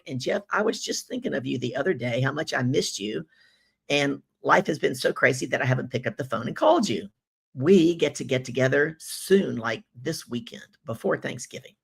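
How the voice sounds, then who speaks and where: A woman's rumbling low voice, husky and full of vocal fry, carries her live business-coaching show. She greets viewers, reads their comments, and stays animated and effusive, leaning on rhetorical questions.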